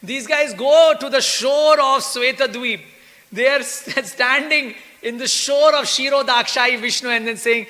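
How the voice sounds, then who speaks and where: A man delivers a scripture class in a very high, bright voice, breaking into laughter and acting out pleading voices as he goes. The sound rings with the long reverb of a temple hall. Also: takes it slowly. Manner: animated, laughing, acts out quoted pleas. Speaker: temple speaker.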